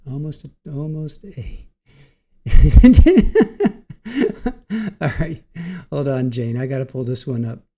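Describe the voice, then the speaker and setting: A man's voice: mid-range voice, fairly even intonation, normal speed, warm tone. A middle-aged man hosting a livestream, chatting casually with viewers, tired after a long day, giggly, punch-drunk and repeating himself. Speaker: livestream host. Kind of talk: casual chat with live chat viewers.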